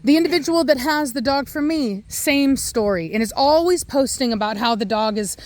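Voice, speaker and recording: A woman's voice: high voice, moderate pace, hardly any pauses. A woman who breeds and trains dogs, ranting bluntly and with exasperation in an opinionated commentary.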